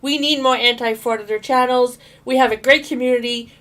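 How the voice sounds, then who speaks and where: A woman's voice: a little high, fairly even intonation, a little fast, fairly bright tone. A woman from Brooklyn co-hosting a casual livestream, laughing easily and speaking bluntly and encouragingly. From Brooklyn, New York. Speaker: co-host. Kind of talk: casual live chat.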